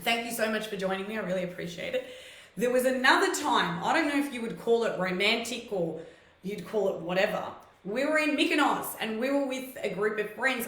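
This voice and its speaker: A woman's voice: on the high side, fairly bright tone, echoey room, rough recording. A woman hosting a live stream, telling personal stories in a casual, chatty way and greeting viewers by name.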